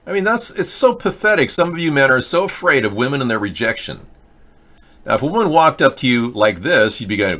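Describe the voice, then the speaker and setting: A man's voice: medium pitch, animated, a little fast, pushed and bright. A man hosting a live video chat show, answering viewer comments in a blunt, lecturing, argumentative way on a webcam mic. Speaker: host.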